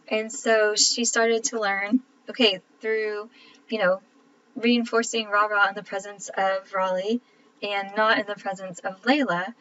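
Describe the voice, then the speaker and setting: A woman's voice: mid-range voice, steady tone, moderate pace, a bit bright. A woman, casually explaining a lecture topic with frequent ums. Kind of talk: recorded lecture. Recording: dull lo-fi recording with faint background noise.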